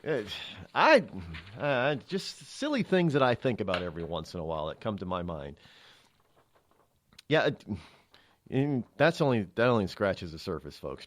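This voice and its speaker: A man's voice: low voice, no echo. A man hosting a talk radio show, delivering a rambling, opinionated monologue into a studio microphone.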